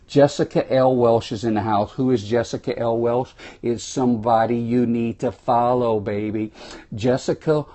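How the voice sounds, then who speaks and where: A Cajun man from South Louisiana with a mellow, warm tone and a middle pitch. He gives a folksy, exuberant motivational talk, speaking straight to his viewers. He streams from his phone in a small room. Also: steady tone, normal speed.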